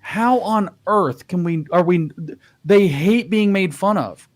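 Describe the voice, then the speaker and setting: A man with a fairly high voice holds forth in a loose podcast conversation. He rants in a mocking, animated way and swears without hesitation. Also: takes it slowly. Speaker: podcast panelist. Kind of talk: casual podcast chat.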